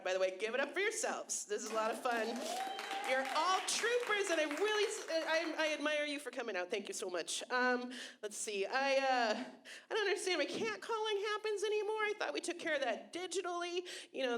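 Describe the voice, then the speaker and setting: On a club stage, a young woman performs stand-up into a handheld mic, her delivery deadpan and self-mocking but broken by sudden loud bursts. Her voice sits on the high side.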